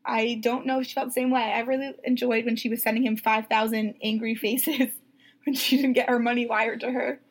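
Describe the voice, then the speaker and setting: Young female co-host, higher voice, animated chat, acts out quotes, laughs often. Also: brisk. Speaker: podcast co-host. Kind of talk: casual chat.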